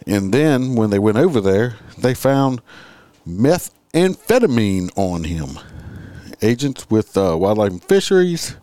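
A man's voice: on the low side, big pitch swings, a little slow, dark tone, no room sound. A man hosting a casual livestream, reading out crime stories and chatting with his viewers in a sarcastic, profane, rambling way.

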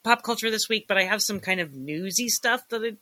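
A woman co-hosting a podcast in casual chat, enthusiastic and quick to laugh. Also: medium pitch, bright, forceful tone. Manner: chatty, enthusiastic, laughs often. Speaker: podcast co-host.

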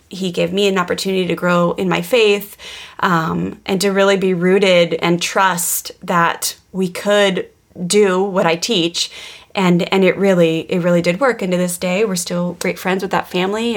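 A woman in her thirties, a podcast co-host and parenting coach, telling personal stories earnestly with frequent restarts. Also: mid-range voice. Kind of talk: casual podcast conversation.

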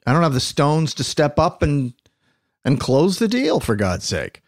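A man in relaxed conversation whose pitch swings up and down with real animation. He speaks emphatically, circling back and restarting words as he makes his point. The voice sounds dry and close, with little room around it. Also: a little slow, no echo. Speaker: podcast co-host discussing the episode. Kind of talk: casual chat.

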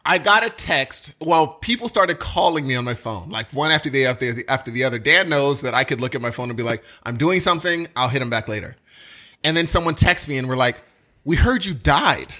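A man's voice: mid-range voice, lively intonation, fast talker, pushed and bright. A man co-hosting a podcast, chatting casually and telling a story with lots of laughter. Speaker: podcast co-host. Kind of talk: casual chat.

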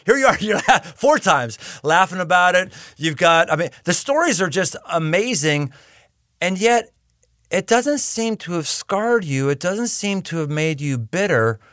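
A man's voice: on the high side, animated, unhurried, bright, forceful tone, dry recording. Man interviewing in a dry close sound. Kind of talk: conversational interview.

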